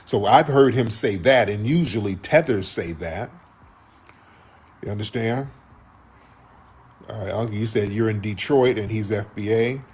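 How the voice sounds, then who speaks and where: Reading viewer comments on his show, this man tells the story casually and performs other people's quotes. His lowish voice is darkish and slightly rough, measured in pace with long pauses.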